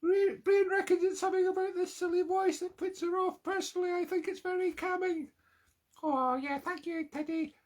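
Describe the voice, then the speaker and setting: A Scottish man voicing a silly, eccentric old man in a high falsetto, cooing at dogs during a comic live-stream bit. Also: steady tone, moderate pace. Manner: coos and jokes at the dogs.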